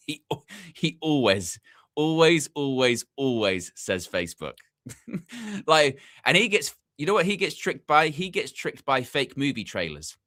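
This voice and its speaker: A man's voice: on the high side, big pitch swings, unhurried, sharp tone, dry recording, studio quality. A young man hosting a football channel's live stream, chatting casually, wandering off on tangents and repeating himself as he talks to the chat. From England.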